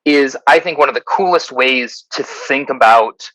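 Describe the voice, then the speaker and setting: A man's voice: mid-range voice, a little slow, bright, forceful tone, dry recording, rough recording. Midwestern American man, consultant guest, explanatory, filler-heavy, dry recording. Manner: explanatory, many ums and uhs, self-corrects. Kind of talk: explaining concepts in conversation.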